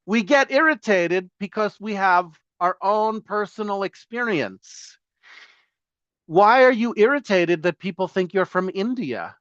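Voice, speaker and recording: Male conversation teacher, high voice, animated and teasing; dry, dull call audio. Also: a little slow, dry recording. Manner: animated, puts on mock outrage to make a point. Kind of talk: online class discussion. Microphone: computer mic on a voice call.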